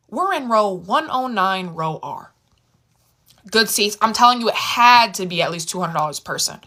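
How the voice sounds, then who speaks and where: A woman telling a casual storytime, animated and quick to repeat herself as she retells what people said. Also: a little high.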